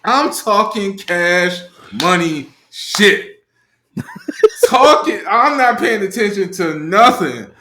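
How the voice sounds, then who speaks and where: A man co-hosting a podcast, telling a story in a casual chat: animated and profane, laughing mid-sentence. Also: high-pitched, takes it slowly, roomy sound, noisy background. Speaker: podcast co-host.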